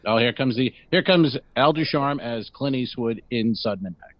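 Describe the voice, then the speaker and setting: A man's voice: medium pitch, normal speed, muffled recording, noisy background. A man co-hosting a comedy podcast over a video call, joking around and acting out movie scenes. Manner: teasing, acts out movie lines in goofy voices. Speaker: podcast co-host. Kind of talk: casual comedic banter.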